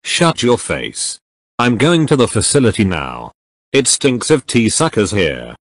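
A man's voice: on the low side, big pitch swings, measured pace, no room sound, exaggerated voice. A man voicing a brash, hot-tempered young male hero who snaps crude insults, in a fan audio drama reading. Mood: gruff.

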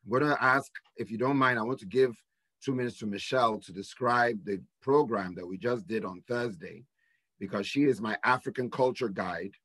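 Bright-voiced Nigerian man, dry sound. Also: fairly low pitch, moderate pace, husky, no room sound. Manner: earnest, rambling with restarts. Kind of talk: panel discussion.

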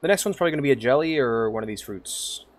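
A man's voice: medium pitch, animated, rapid-fire, a little hiss or hum. A man streaming a farming game, chatting casually, humming to himself, reading lines aloud and swearing freely. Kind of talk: casual gameplay commentary.

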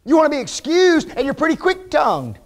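A man with a strikingly high voice delivers a church sermon. He leans on emphasis and tosses rhetorical questions at his listeners as he works through his points. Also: wildly swooping pitch, a little fast. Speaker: preacher.

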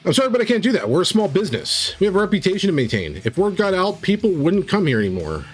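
A man's voice: sits high, sing-song, quick pace, slightly rough, faint music behind, pitched above the performer's own voice, exaggerated voice. A man voicing a kindly, matronly elf barmaid who answers politely, in a tabletop story.

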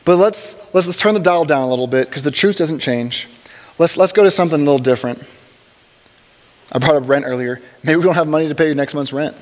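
A man leads a church class in an easygoing, conversational manner, slipping in humorous asides and repeating himself as he gathers his thoughts. His voice sits somewhat high for a man. A long reverb from the church hall trails behind every phrase. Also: fairly quick. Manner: casual, joking asides, frequent restarts. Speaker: Bible study teacher.

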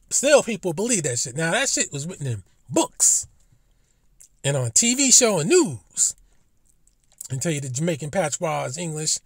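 A man's voice: sits high, fairly bright tone, no room sound, clean studio sound. A man giving a casual commentary monologue as a vlogger, profane and emphatic, with indignant rhetorical questions.

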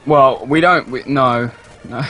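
A man with a British accent joining a gaming stream as a guest, playful and quick to laugh. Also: medium pitch, sharp tone, a little hiss or hum. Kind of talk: casual joking chat over a call.

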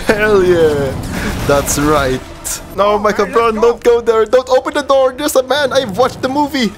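A man streaming gameplay, laughing often and yelling at the game. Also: extremely high pitch, big pitch swings, takes it slowly, over music. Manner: giggly, shouting at the game. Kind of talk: let's play commentary.

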